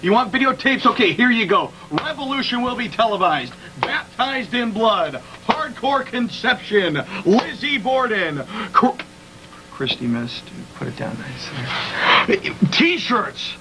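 This wrestling show host swings widely in pitch while keeping a measured pace, delivering mock commercial reads and comedy bits like a brash, sarcastic pitchman. Background noise is audible.

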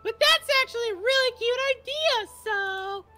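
A woman's voice: very high-pitched, animated, moderate pace, over music, pitched above the performer's own voice. A woman voicing a bratty, defensive teenage girl while reading visual novel lines aloud, snippy and flustered.

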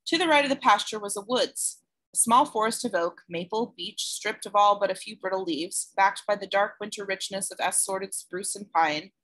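Bright-voiced woman reading a novel aloud. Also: mid-range voice, moderate pace. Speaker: audiobook reader. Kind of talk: scripted narration.

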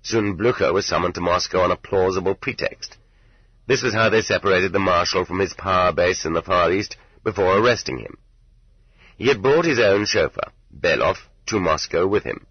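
A man reading an audiobook in a measured, even way. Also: deep voice, husky, no echo. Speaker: audiobook narrator. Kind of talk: scripted audiobook narration. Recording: dull lo-fi tape, dry.

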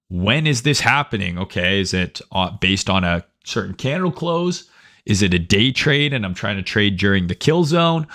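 Low-ish dude on a trading stream, chatty and sweary, always going "right?". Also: male voice, a bit bright. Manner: conversational, profane, reads chat aloud, frequent "right?". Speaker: livestream host, trading educator. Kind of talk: casual livestream talk.

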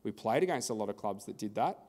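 Low-voiced Australian man presenting in a hall. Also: lively intonation, quick pace, a little mellow. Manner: conversational, tells anecdotes with acted-out dialogue. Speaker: workshop presenter. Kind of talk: conference workshop talk. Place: workshop room at a conference.

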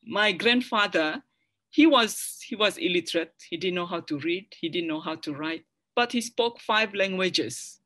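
A middle-aged woman with a Malaysian English accent gives a public academic lecture. She talks in halting bursts, often restarting a phrase midway. She keeps turning to the audience with quick tag questions. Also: on the low side, lively intonation, fairly bright tone. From Sarawak, Malaysia.

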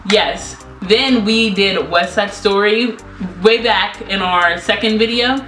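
A teenage girl with a bright, forward voice chats casually on a vlog. She is quick to jump in and keep the story going. A roomy echo surrounds her, with faint music behind. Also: medium pitch. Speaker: co-host of a vlog channel. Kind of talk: casual chat.

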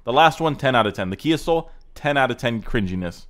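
A man's voice: medium pitch, expressive, brisk, fairly bright tone. A man hosting a casual reaction video, ranting sarcastically and swearing as he mocks car clips. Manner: sarcastic, ranting, profane roasting.

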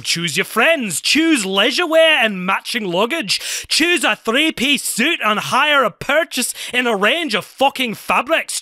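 A man putting on a Scottish accent to voice a scornful young Scottish man reciting a rapid, sneering rant. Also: extremely high pitch, sharp tone, no echo, clean studio sound, voice pushed up, exaggerated voice. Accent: put-on Scottish.

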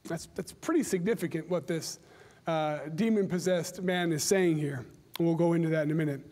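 A man's voice: fairly high pitch, normal speed, darkish tone. A middle-aged man preaching a conversational sermon, telling stories in a chatty way and often restarting his words. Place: church sanctuary. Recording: long church hall reverb.

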